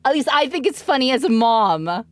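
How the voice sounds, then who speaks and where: A woman's voice: high voice, sing-song, normal speed, no echo. A woman in her thirties, a mother streaming, chatting casually and giggling often as she tells stories. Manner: giggly, laughs often while telling stories. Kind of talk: casual chat.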